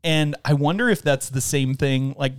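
A man's voice: a little high, normal speed, clean tone, dry recording, studio quality. A man co-hosting a podcast, chatting casually about movies and laughing often. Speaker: podcast co-host. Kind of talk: casual movie-discussion chat.

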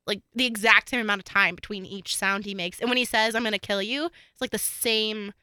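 Bright, clear-voiced young woman chatting. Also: mid-range voice, steady tone, a little fast, dry recording. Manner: chatty, lots of fillers and laughter. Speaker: true crime podcast co-host. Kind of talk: casual chat.

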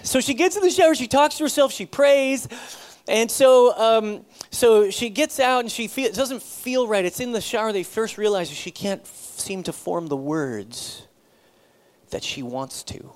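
A middle-aged pastor tells a personal story during a sermon, acting out the dialogue with sudden loud bursts. His voice is high-pitched and his pace a little slow.

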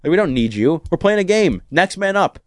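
A man's voice: high voice, sing-song, brisk, dry recording, studio quality. Rambling man ranting in casual chat. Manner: ranting, heavy use of "like", frequent restarts.

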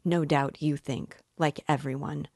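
A woman's voice: low voice, fairly even intonation, a little slow, gravelly, a little mellow, slightly rough, no echo, studio quality, full character voice. A woman voicing a proud, bitter, impoverished widow who plays hostess, speaking in a haughty, indignant manner while reading a novel aloud. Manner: haughty and indignant, raising her voice.

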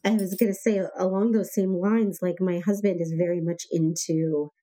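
A woman guest on a podcast, talking candidly and telling animated personal stories in casual conversation. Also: fairly low pitch, moderate pace.

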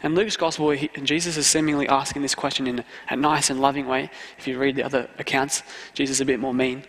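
A student pastor preaching a sermon in an earnest way, repeating key phrases for emphasis. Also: male voice, medium pitch, flat delivery, quick pace, a bit bright. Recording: long hall reverb.

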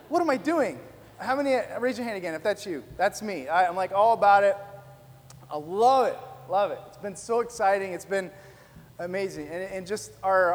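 A man preaching a sermon to a live congregation, telling stories in an animated, chatty way with many fillers. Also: very high-pitched. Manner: animated storytelling, lots of fillers. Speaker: pastor. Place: church hall, live audience. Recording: reverberant hall.

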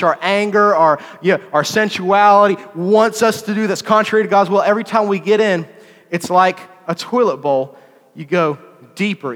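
A man giving a sermon in a lively, conversational way, often repeating phrases for emphasis. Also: high voice, long reverb tail. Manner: animated, conversational preaching with repetitions.

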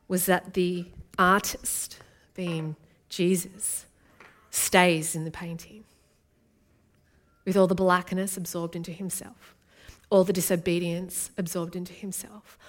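Earnest woman preaching. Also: lowish voice. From Australia. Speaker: guest preacher. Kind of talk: sermon.

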